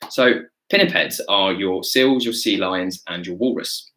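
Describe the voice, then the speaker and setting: A young man with a fairly low voice teaches a live online wildlife lesson. He is chatty and enthusiastic, and he stops to pick up viewer questions along the way. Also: measured pace, pushed and bright, rough recording. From Britain.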